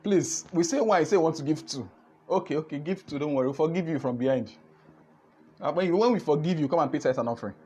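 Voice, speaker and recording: A man with a Nigerian accent hosts a live online business session, talking in an animated way and repeating his words. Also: fairly high pitch, fast talker, slight background noise. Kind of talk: lively live-stream talk.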